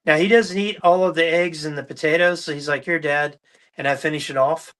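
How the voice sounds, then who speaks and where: Podcast host, middle-aged man, bright and fairly high voice, lively storyteller. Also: a little fast. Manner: storytelling, animated, mimics voices in anecdotes. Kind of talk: casual chat.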